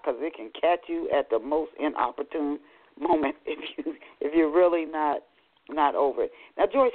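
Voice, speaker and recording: A radio show host interviewing a guest, chatty and conversational, often repeating words. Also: female voice, low-pitched. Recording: tinny phone-line sound.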